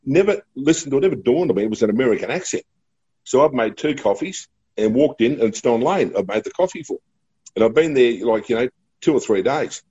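A man's voice: mid-range voice, lively intonation, a little fast, warm tone, slightly rough, lo-fi sound. A middle-aged man with an Australian accent, a radio broadcaster telling chatty, laughing anecdotes in a casual interview. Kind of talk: casual storytelling.

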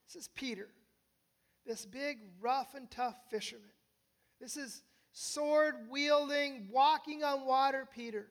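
American pastor, high-voiced, chatty sermon delivery with tag questions. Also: slow. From United States. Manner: conversational, frequent tag questions and restarts.

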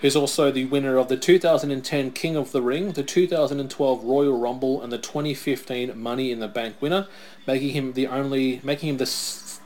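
A man's voice: mid-range voice, steady tone, fairly quick, a little mellow, a little hiss or hum. A man co-hosting a casual wrestling watch-along, chatting and reading out wrestler facts. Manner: chatty, reads out wrestler facts, tells stories. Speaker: podcast co-host.

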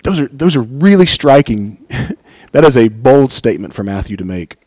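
A man giving an earnest, animated Bible teaching, reading scripture aloud and commenting on it, often with a light chuckle. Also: mid-range voice, normal speed, slightly rough, dry recording, low-quality recording.

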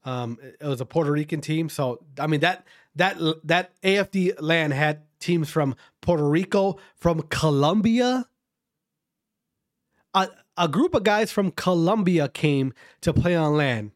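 A man ranting to his viewers about amateur esports players in a profane, fired-up way, then calmly going over the latest news. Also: fairly high pitch, measured pace, dry recording, studio quality. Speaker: esports commentary streamer. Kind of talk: casual rant and news rundown.

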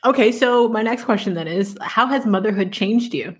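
A woman's voice: medium pitch, moderate pace, crowd noise. A woman hosting a podcast, chatting in an affirming way and laughing often. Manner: warm, giggly, affirming. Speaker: podcast host. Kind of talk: casual interview chat.

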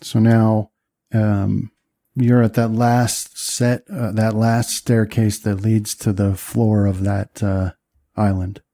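Dark-voiced man running a tabletop game. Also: on the low side, flat delivery, no echo, studio quality. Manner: halting, descriptive, many fillers. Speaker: game master.

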